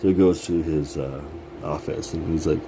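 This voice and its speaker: Brief: deep-voiced man, loose profane pep talk, steady hum of air conditioning behind him. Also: moderate pace. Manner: rambling, profane, laughs often. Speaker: vlogger. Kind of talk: casual motivational monologue.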